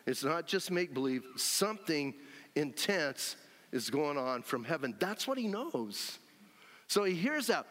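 High-pitched guy preaching, super lively, lots of hall echo. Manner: animated, conversational, checks in with the audience. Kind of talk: sermon. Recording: long hall reverb.

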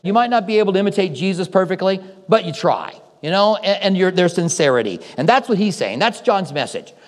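A man's voice: sits high, animated, fairly quick. A man preaching a sermon as a pastor, telling stories in a conversational way and acting out what people said. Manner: conversational storytelling with acted-out quotes. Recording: hall reverb.

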